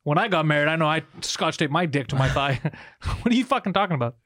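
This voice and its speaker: A man co-hosting a podcast in rapid, profane bursts, acting out little quotes as he tells a story. His voice sits a little high and moves quickly. The close mic sounds dry. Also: animated, fairly bright tone, no echo. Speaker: podcast co-host. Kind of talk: casual podcast chat.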